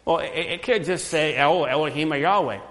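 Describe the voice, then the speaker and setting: A man preaching a sermon, teaching through a scripture passage and building to emphatic, loud repetitions. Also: on the high side, brisk, in a large hall. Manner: emphatic preaching, rising loud on repeated phrases. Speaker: pastor.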